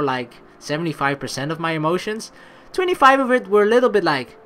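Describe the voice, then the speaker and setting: A let's play narrator reading through a visual novel, reacting in an expressive, animated way. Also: medium pitch, a little fast. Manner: expressive, animated, laughs at the story.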